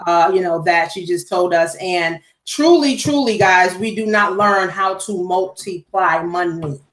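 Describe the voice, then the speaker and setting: A woman's voice: fairly low pitch, measured pace, fairly bright tone. Upbeat woman hosting a webinar, echoey. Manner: upbeat, introduces speakers. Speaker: webinar host.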